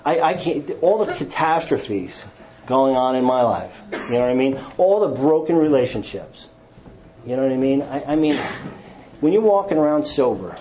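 A man's voice: big pitch swings, normal speed, a little hiss or hum, low-quality recording. Self-mocking man telling his recovery story. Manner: storytelling, acts out quotes, self-mocking humor, trails to low quiet tones. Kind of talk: personal testimony talk to an audience.

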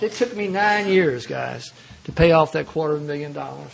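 Speaking quickly in a steady tone, a man shares his recovery story with a group, cracking jokes and acting out other people's lines. The voice sits on the high side and comes across creaky and slightly rough.

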